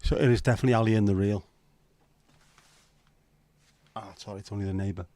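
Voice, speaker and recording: A man's voice: fairly low pitch, steady tone, rapid-fire, warm tone, no echo. A man hosting a casual livestream chat, joking and teasing his viewers in loose banter. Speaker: livestream host.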